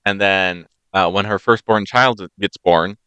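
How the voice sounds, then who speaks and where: A man from the United States co-hosts a casual podcast and retells a fairy tale, slipping into playful voices for its characters. His voice sits a little low and sounds smooth and clear. The recording is dry, with no room sound. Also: unhurried, bright, forceful tone, dry recording. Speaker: podcast co-host. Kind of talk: casual chat.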